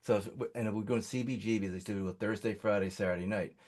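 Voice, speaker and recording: A man's voice: on the low side, fairly even intonation, rapid-fire, darkish tone. A man on a music industry panel telling a long story in a casual, rambling way, full of fillers and restarts.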